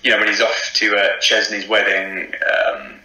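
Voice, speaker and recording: A man's voice: lowish voice, level tone, moderate pace, bright, forceful tone, roomy sound, rough recording. A man with a posh English accent, chatting about his acting work in an interview, with many ums and frequent laughs. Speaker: actor interviewed as guest. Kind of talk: casual interview chat.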